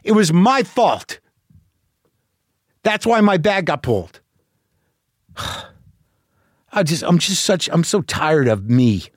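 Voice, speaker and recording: A man's voice: fairly high pitch, very animated, takes it slowly, long pauses, dry recording, studio quality. Profane rambling man, self-mocking. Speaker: podcast host. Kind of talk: monologue.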